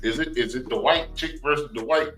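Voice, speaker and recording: A man's voice: fairly high pitch, faint music behind, low-quality recording. A man co-hosting a casual podcast, telling stories in slang and laughing easily. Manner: lively, slangy, quick to laugh. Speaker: podcast co-host. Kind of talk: casual storytelling chat.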